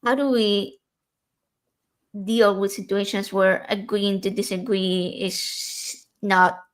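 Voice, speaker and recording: A woman's voice: medium pitch, steady tone, takes it slowly. A woman talking earnestly and personally in a casual podcast conversation, with frequent fillers and restarts.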